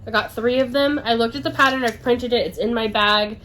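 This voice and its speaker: Slightly high relaxed woman co-host. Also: fairly quick, slight background noise. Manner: relaxed, hesitant, lots of ums. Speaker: podcast co-host. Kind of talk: casual knitting podcast chat.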